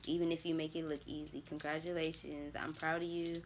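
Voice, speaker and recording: A woman's voice: sits low, little pitch movement, fairly quick, noisy background. A young woman, talking candidly to herself on camera about spiritual growth, with casual swearing. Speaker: vlogger. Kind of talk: casual reflective monologue.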